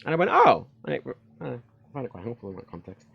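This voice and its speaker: A man's voice: mid-range voice, lively intonation, rapid-fire, gravelly, breathy edge, highs cut off. Rambling man streaming. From United Kingdom. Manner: rambling, frank, many fillers and restarts. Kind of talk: casual livestream chat. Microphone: desk microphone.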